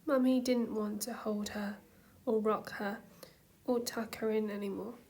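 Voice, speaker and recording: Slow, soft-spoken woman reading a story aloud. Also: mid-range voice, fairly even intonation. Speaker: fanfiction reader. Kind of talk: storybook narration.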